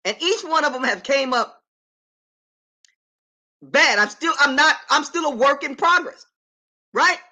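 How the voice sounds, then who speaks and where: A woman's voice: high voice, unhurried, long pauses, pushed and bright. A middle-aged woman on a casual live stream from her apartment, talking emphatically and affirming herself while greeting viewers by name.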